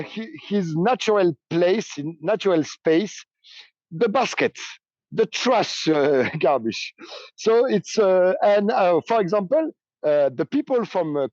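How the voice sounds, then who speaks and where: A French man with a French accent, a native French speaker, answering interview questions over a remote call in halting English, often pausing to search for words. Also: high voice, darkish tone, dry recording. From France. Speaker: union leader and train operator. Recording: dull remote call audio.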